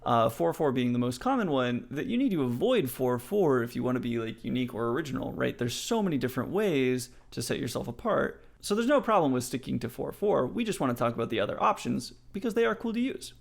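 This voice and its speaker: Male music teacher, animated delivery with a gravelly edge, counts beats out loud. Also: medium pitch, quick pace, hardly any pauses. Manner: explains in a friendly way, counts beats aloud. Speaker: songwriting teacher. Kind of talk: music theory lesson.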